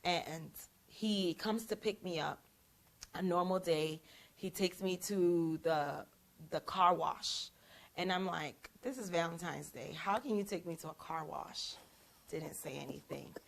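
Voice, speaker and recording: Lively woman telling a story. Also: lowish voice, measured pace, vocal fry. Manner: animated, acts out quoted lines. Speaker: prophetess and show host. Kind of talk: storytelling in casual chat.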